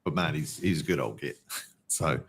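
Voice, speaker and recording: A man with a deep voice co-hosts a fan watch-along. He reads viewer comments aloud and answers each one in a glum but talkative way. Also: normal speed, breathy edge. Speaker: fan channel co-host. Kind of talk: casual match watch-along chat.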